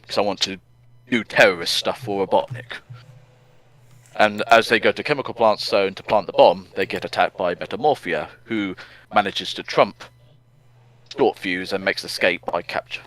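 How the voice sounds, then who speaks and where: A man giving a casual, animated recap of a comic on a podcast. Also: on the low side, dry recording, rough recording. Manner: animated, acts out characters in silly voices. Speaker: podcast co-host.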